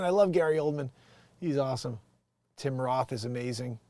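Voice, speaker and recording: This is a man running a loose, casual livestream, thinking out loud as he goes. His voice sits at a middling pitch and keeps sliding between quiet, almost whispered mumbling and sudden loud excitement. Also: moderate pace, dry recording. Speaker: livestream host.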